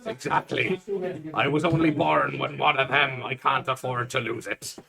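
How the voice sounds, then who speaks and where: A man's voice: medium pitch, steady tone, normal speed, vocal fry. A man playing a dice game in character, with dry, mock-offended banter. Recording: chatter of a crowd behind.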